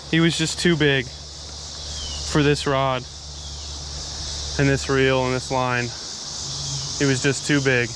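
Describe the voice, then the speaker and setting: Excited young man fishing outdoors. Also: fairly high pitch, background noise. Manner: excited, breathless running commentary. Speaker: fishing vlogger. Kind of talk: live fishing commentary. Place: outdoors by a river.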